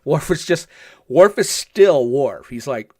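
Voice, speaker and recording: An older man hosting a podcast, recapping episodes in casual chat and acting out quotes with animated energy. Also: a little high, slow. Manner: animated storytelling, acts out quotes. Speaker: podcast host.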